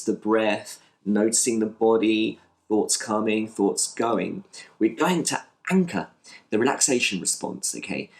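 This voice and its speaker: A man teaching mindfulness for children, gentle and reassuring, often checking in with "okay" and "right". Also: on the low side. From United Kingdom. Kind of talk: instructional talk with guided practice.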